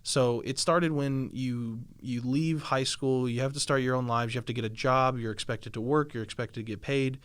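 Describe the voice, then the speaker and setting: A man's voice: medium pitch, fairly even intonation, moderate pace, few pauses, clear, resonant tone, dry recording. A man in his twenties co-hosting a podcast, chatting casually and rambling a little as he works out his sentences. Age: 20s. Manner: rambling, laughs often. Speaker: podcast co-host. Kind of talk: casual chat.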